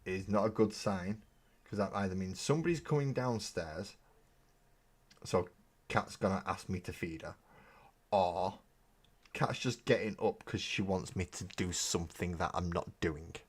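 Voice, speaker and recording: A man's voice: sits low, measured pace, breathy edge. A man hosting a casual live stream while painting miniatures, rambling and joking, with casual swearing. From Britain. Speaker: streaming hobby host.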